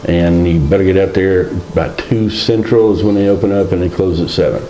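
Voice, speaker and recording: A man's voice: deep voice, mellow. A man co-hosting a local community news show, talking in an easygoing, folksy way. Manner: easygoing, folksy, drawn-out phrasing. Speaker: co-host and local financial agent. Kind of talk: casual live show chat. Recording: roomy echo.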